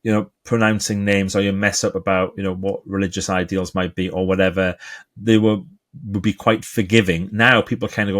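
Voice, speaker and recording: A man with a Geordie accent speaks in a lowish voice. He is a guest author in a conversational interview, telling stories with energy and playing the people in them. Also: a little fast. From England. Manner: animated storyteller, acts out quoted voices.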